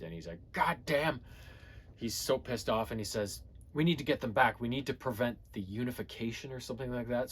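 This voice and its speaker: A man casually recapping comic book plots, rambling with fillers and restarts and quick quoted lines from the characters. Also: on the low side.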